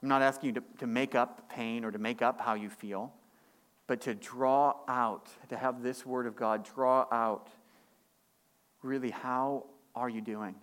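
A man's voice: steady tone, unhurried, clean tone. Impassioned male preacher. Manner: impassioned, rising in pitch and force on key points; drops to a quiet, low delivery for reflective passages. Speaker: pastor. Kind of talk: sermon.

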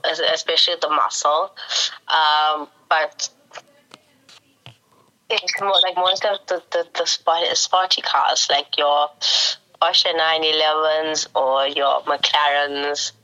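Bright, low-pitched woman from South Africa. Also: muffled recording. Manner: hesitant, many fillers. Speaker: guest. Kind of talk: casual chat.

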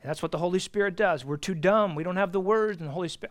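A man teaching an adult Bible class, earnest and emphatic, repeating key phrases and swinging between loud stresses and soft asides. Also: high voice, fast talker, hardly any pauses.

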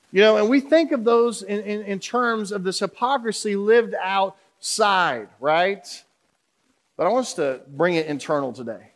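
A male pastor with a notably high voice delivers a sermon in a relaxed, conversational manner. He jokes and keeps asking the congregation questions. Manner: humorous, conversational, audience questions.

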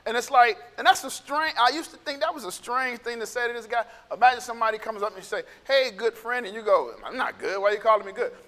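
A man's voice: extremely high pitch, fast talker, hardly any pauses, bright, forceful tone. A man preaching a casual, conversational sermon. He repeats himself and acts out the people he quotes. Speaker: pastor. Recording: echoey hall.

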